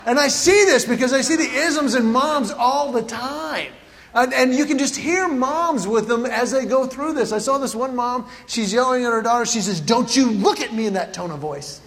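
A middle-aged male stand-up comedian telling stories in a playful, animated way, recorded live before an audience in a large hall. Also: very high-pitched, background noise. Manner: animated, playful storytelling with acted-out quotes.

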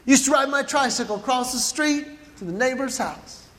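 A middle-aged male stand-up comedian telling stories in a playful, animated way, recorded live before an audience in a large hall. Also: very high-pitched, normal speed. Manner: animated, playful storytelling with acted-out quotes.

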